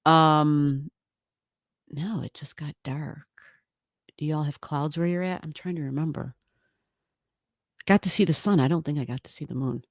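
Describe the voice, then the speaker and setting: A woman's voice: low-pitched, steady tone, measured pace, long pauses, no echo, clean studio sound. A woman hosting an astrology livestream, chatting casually and rambling as she greets viewers and reads comments, laughing often and swearing lightly. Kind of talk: casual live-stream chat reading viewer comments.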